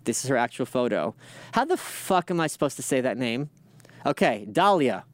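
A man's voice: mid-range voice, very animated, moderate pace, dry recording. A man hosting a casual news commentary show, reading headlines aloud and riffing on them in a sardonic, profane way. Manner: sardonic, profane, reads headlines then riffs. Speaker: political commentary host.

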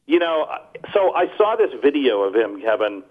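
A man's voice: medium pitch, moderate pace, narrow, tinny audio. A man co-hosting a casual comedy chat, telling stories with mocking impressions of people. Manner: animated, mocking impressions in storytelling. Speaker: comedian podcast co-host.

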